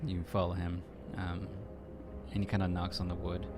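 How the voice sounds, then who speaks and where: A man narrating as game master in a relaxed, hesitant way with many fillers. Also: low voice, moderate pace, music in the background.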